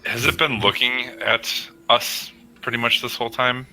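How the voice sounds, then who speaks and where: A man's voice: mid-range voice, fairly even intonation, pushed and bright, rough recording. A man taking part in a tabletop game as a player, talking casually. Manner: casual, quick decisions.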